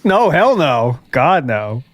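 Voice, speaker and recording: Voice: mid-range voice, very animated, slow pace, dry recording, clean studio sound. A stream host chatting casually and teasing the others playfully.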